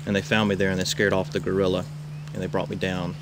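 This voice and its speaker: Male camp counselor, lowish voice, tall-tale storyteller, loud outdoor background. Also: fast talker. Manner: animated, shouts quoted lines. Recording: noisy outdoor camcorder recording.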